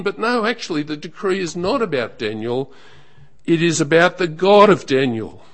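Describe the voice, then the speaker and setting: A man preaching a sermon in a measured, emphatic way, letting phrases trail off softly at the end. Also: fairly high pitch.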